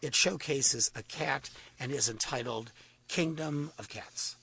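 A man hosts a casual talk program, chatty and quick to interrupt himself mid-thought. His voice is husky and gravelly, with a bright, forward edge to it. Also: mid-range voice. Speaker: host. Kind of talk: casual talk show chat.

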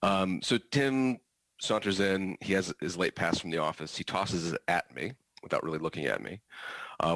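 Male teacher, very low voice, understated storyteller, dry recording. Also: creaky, fairly bright tone, dry recording, low-quality recording. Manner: dry, understated delivery with fillers. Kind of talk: storytelling performance.

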